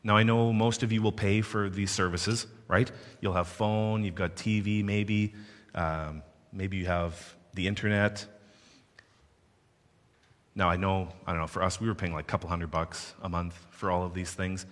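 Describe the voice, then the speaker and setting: Low-voiced male storyteller, playful asides, reverberant hall. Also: moderate pace. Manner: animated, playful asides to the audience. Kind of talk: personal storytelling.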